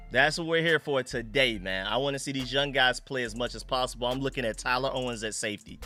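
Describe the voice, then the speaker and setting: A man hosting a casual sports fan live stream, excitable and slangy, greeting chat viewers by name. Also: mid-range voice, a little fast, faint music behind.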